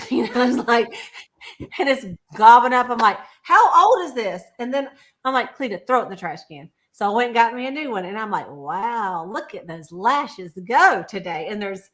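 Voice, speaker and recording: A woman's voice: mid-range voice, a bit bright. A woman chatting casually on a video call, telling customer stories and laughing often. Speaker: sales consultant. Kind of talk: casual livestream chat.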